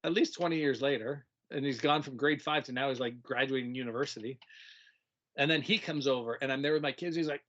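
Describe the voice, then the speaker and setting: A middle-aged man, a retired teacher, telling stories in a casual conversation, animated and laughing often, acting out kids' voices. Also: mid-range voice, brisk, dull audio.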